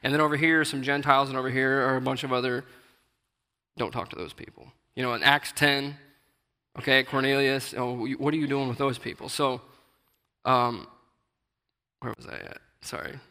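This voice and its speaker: A man preaches an informal sermon, reading scripture and then explaining it in plain, earnest talk. His voice is bright and forceful, and it is heard with a long reverb from a large hall. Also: mid-range voice, level tone, brisk, clean tone. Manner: earnest, conversational, reads scripture aloud with rising emphasis. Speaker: lay preacher.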